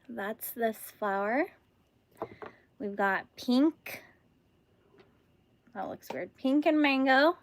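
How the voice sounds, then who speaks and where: A woman's voice: fairly high pitch, expressive, very slow, long pauses, slight background noise. A young woman from California with a Californian accent, hosting a casual crochet livestream, chatting bubbly with viewers and laughing often. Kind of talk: casual live-stream chat with viewers.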